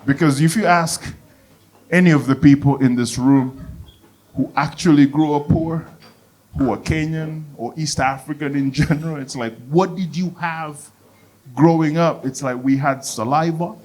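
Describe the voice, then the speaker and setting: A young man from Uganda performs a stand-up set in an animated, storytelling way, jumping into the voices of the people he describes. His voice sits a little high for a man. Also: unhurried. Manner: animated storytelling, acts out characters, bursts of excitement. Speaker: stand-up comedian. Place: comedy venue with live audience.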